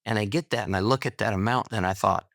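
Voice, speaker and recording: Fast and fairly low-pitched with vocal fry, this middle-aged man's voice comes through a dry, studio-quality recording. Guesting on a podcast, he tells a personal story casually, acting out the lines of dialogue with animated energy.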